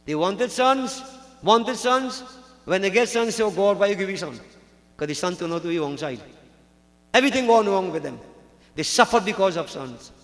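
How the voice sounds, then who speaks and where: Preacher man, high voice, echoing hall. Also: lively intonation, moderate pace, a bit bright. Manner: storytelling preacher, repeats lines for emphasis, addresses devotees. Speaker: pandit preaching. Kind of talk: sermon. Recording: long reverb of a hall.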